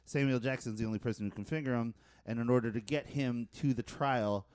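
A man's voice: mid-range voice, fairly quick, smooth, no echo. Man, casual podcast chatter, dry close mic, talks through a story eagerly. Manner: chatty, animated storyteller, laughs often. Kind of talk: casual chat about movies.

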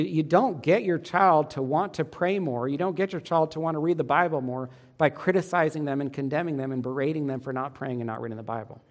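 A man preaching a sermon as a pastor, earnest and emphatic. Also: fairly high pitch. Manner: earnest, emphatic preaching with quoted parent voices.

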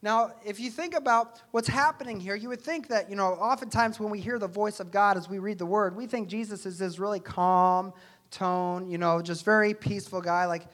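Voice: medium pitch, moderate pace, a bit bright. A pastor preaching a sermon in a church, earnest and conversational, often asking rhetorical questions.

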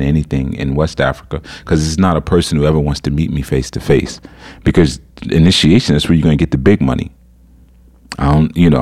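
Very deep-voiced man telling a story. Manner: animated, incredulous storytelling with laughs. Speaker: podcast host. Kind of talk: casual podcast monologue.

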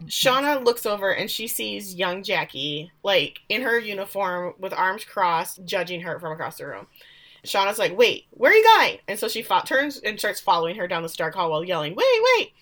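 A woman co-hosting a casual podcast, recapping episodes and acting out characters' lines in quick voices. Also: mid-range voice, fairly bright tone. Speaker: podcast co-host.

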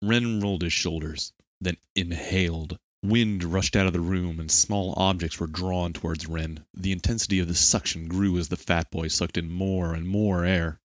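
A man with a very deep voice narrates an action scene in steady, measured audiobook style. The recording is dry and close, with no room sound. He keeps an even storytelling pace. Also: dry recording, highs cut off.

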